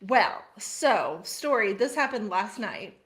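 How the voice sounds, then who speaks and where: A woman co-hosting a casual podcast, telling an animated story with frequent laughs. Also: mid-range voice, takes it slowly. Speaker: podcast co-host. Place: farm household.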